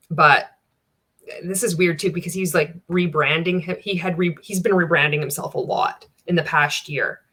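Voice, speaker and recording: A bright, sharp-toned woman gives casual commentary on a clip she is reacting to. She speaks bluntly, swears freely and breaks into wry laughs. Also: on the low side. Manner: candid, profane, wry, laughs often. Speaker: reaction video host.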